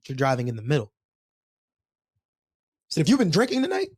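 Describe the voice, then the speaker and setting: A man co-hosting a podcast, telling a long story in a casual, animated way and acting out the voices of the people in it. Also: a little high, fairly quick. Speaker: podcast co-host.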